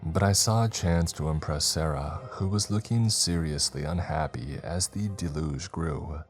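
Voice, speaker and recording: A man narrating a scary story in a steady, measured storytelling manner. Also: rumbling low, faint music behind. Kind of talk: scripted horror narration.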